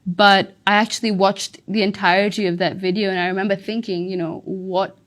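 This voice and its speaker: A woman's voice: medium pitch, flat delivery, brisk, a bit bright. A woman from Sri Lanka answering a speaking test question, fluent and opinionated. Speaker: test candidate. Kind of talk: spoken exam answer.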